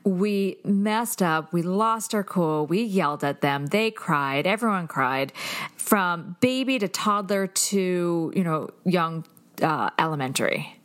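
A woman's voice: lowish voice, takes it slowly. A woman hosting a conversation, encouraging her guest and asking follow-up questions. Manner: encouraging, laughs along, asks follow-up questions. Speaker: host. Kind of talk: interviewing a guest.

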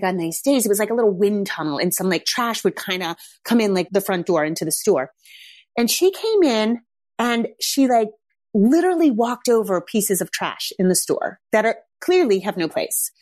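Woman, middle-aged, parenting coach, chatty storytelling, medium pitch, dry close mic. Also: darkish tone, dry recording. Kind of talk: casual monologue.

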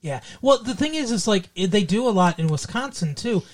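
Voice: mid-range voice, lively intonation, a little fast. Podcast cohost from michigan rambling along, lots of ums and restarts, casual movie talk. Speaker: podcast co-host. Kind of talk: casual chat about a movie.

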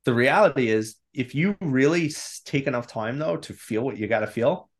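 A man in his thirties, a podcast guest, telling a personal story in a candid, animated way and acting out his own inner voice. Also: medium pitch, normal speed, hardly any pauses. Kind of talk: casual storytelling.

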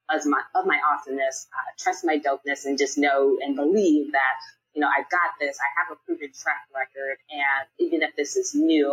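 A woman's voice: very deep voice, fairly bright tone, slightly rough, poor audio. A young adult woman, a guest on a podcast, talking in an upbeat, candid and casual way with some slang. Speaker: podcast guest, nonprofit PR professional. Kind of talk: podcast interview.

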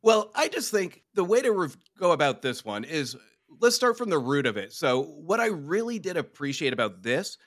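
A man's voice: a little high, big pitch swings, moderate pace, fairly bright tone, dry recording, studio quality. A man appearing as a guest podcast host in casual chat, talking in an earnest way.

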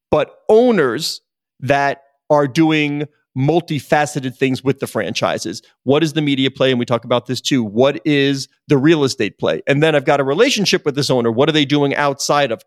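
A man's voice: mid-range voice, no echo, studio quality. A man co-hosting a sports business podcast, chatting conversationally and posing pointed questions. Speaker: podcast co-host. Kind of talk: podcast discussion.

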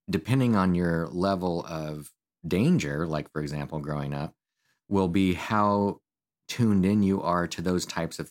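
A man who works as a counselor, co-hosting a podcast and explaining ideas in a rambling, casual way with many fillers. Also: low-pitched.

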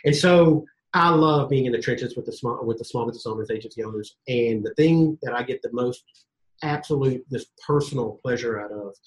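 A man telling stories in a casual podcast interview as a guest coach, animated, acting out quotes and swearing casually. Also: medium pitch, fairly quick, poor audio.

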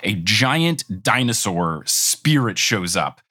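A man hosting a podcast quiz game with an animated, swooping voice. He tells his recaps in a chatty, jokey way and keeps slipping into giggles. The sound is dry and close to the mic. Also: lowish voice, slow, breathy edge, dry recording. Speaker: game show host.

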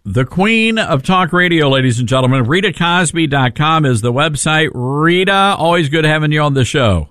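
A man hosting a talk radio show, brisk and conversational, moving between guests and segments. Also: a little high, expressive, fairly bright tone, no echo, studio quality. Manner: brisk, conversational, plugs and segues.

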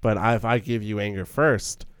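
A man's voice: on the low side, moderate pace, fairly bright tone, clean tone, no echo, studio quality. A man co-hosting a casual film discussion, earnest and thinking aloud with many stumbling restarts. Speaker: podcast co-host.

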